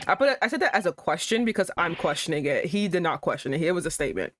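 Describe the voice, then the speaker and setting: A woman's voice: low voice, big pitch swings, fast, few pauses, soft background music. A young woman streaming a game, chatting casually, swearing freely and laughing often. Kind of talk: casual game let's-play chat.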